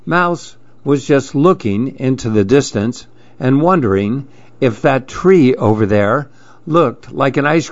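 Man reading a kids book real slow, calm and steady, dry muffled recording. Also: medium pitch, no echo. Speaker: storyteller. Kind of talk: storybook read-aloud.

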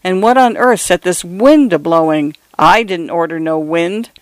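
A man's voice: high-pitched, measured pace, smooth, no echo. A man voicing a small, flustered ordinary man whose feeble voice turns homely and ungrammatical in his panic. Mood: bewildered. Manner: plain-spoken, homely, ungrammatical speech.

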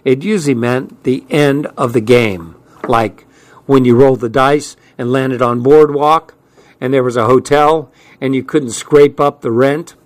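A man reading a first-person story aloud as an audiobook narrator, with steady storytelling delivery. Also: medium pitch, measured pace, no echo. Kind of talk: scripted narration.

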